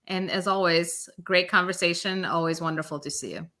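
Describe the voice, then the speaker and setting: Female host, low pitch, bright edge, relaxed chat with "um" and "you know", video call. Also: fairly quick, few pauses. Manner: easygoing, with fillers and you-knows. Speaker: podcast host. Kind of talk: casual conversation.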